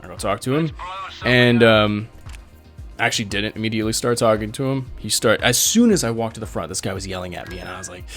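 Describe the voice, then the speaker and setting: A man's voice: fairly low pitch, quick pace, fairly bright tone. Chatty man telling a story over game music. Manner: rambling, chatty, laughs often, breaks off to give orders. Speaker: gaming channel host. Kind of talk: storytelling while commentating a strategy game.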